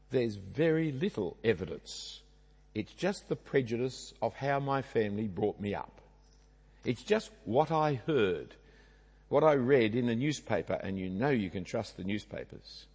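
A man's voice: mid-range voice, vocal fry, darkish tone, slightly rough. An Australian man preaching a sermon in a conversational way, with rhetorical asides and tag questions. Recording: long hall reverb.

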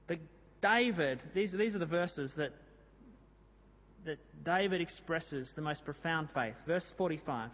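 A man with a high voice preaches in a church hall, where his words trail off in a long reverb. He tells the story in a lively way and reads scripture with drama. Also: measured pace. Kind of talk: sermon.

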